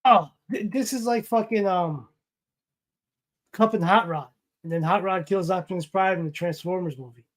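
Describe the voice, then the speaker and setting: A man's voice: high-pitched, normal speed. A man co-hosting a casual comic book livestream, laid-back and joking with casual swearing. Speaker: co-host.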